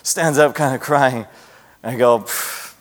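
A fairly high-voiced man in his thirties leads a youth sermon, praying earnestly and telling lively family stories. He acts out his kids' voices as he goes. His voice rings out with the long reverb of a large church hall. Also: moderate pace. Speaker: youth pastor. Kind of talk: sermon with prayer and personal storytelling.

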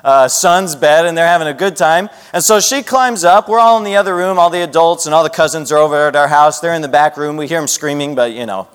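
A man's voice: a little high, fast talker, hardly any pauses, clean tone, long reverb tail. A man in his thirties, a youth pastor preaching a sermon, who prays earnestly and tells family stories, acting out his children's voices. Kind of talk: sermon with prayer and personal storytelling.

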